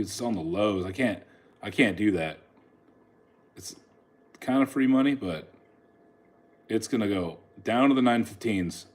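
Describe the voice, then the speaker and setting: A man talks through his trades as they happen, in a relaxed voice of medium pitch. He chats at the chart on the screen and laughs now and then. It sounds like a phone held in his hand. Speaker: day trader streaming live trades. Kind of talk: casual live trading commentary.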